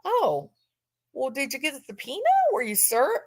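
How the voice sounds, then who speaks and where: A woman's voice: high voice, big pitch swings, moderate pace, breathy edge, full character voice. A woman mimicking a bewildered grown son who stammers incredulous questions at his mother.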